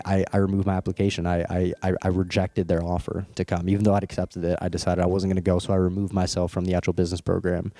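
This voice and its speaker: Deep-voiced young man telling his story. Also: no room sound. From Canada. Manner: candid, laughs often, repeats words when excited. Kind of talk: casual personal storytelling.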